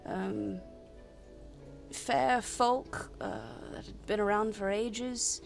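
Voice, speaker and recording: A woman's voice: medium pitch, fairly even intonation, very slow, creaky, soft background music. A woman voicing an eccentric elderly male turtle shopkeeper who rambles a little and gets a bit defensive about being called the town crank. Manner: rambling, slightly defensive, talks of himself as the town kook.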